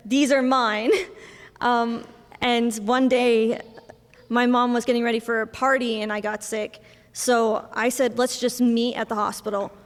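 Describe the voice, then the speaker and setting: A young woman giving a memorial speech for her mother, telling family stories with soft laughs and acting out bits of dialogue. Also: a little high, little pitch movement, a little slow. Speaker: eulogy speaker, daughter of the deceased. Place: memorial service hall. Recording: long reverb of a large hall.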